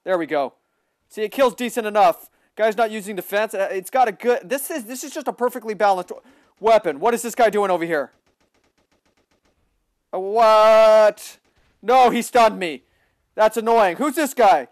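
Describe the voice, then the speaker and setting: A young man giving excitable live commentary on a shooter game, often yelling at opponents. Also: very high voice, normal speed, smooth, no echo, clean studio sound. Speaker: livestreaming gamer.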